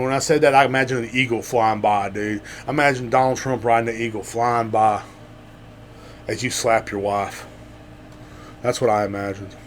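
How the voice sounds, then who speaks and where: A man riffs alone on his podcast in a loose, profane comedic monologue. He lurches from loud, excited bursts to half-swallowed mutters. His voice sits at an ordinary middle pitch, with a faint hum behind it. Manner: rambling, profane, swings between loud outbursts and mutters. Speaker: podcast host.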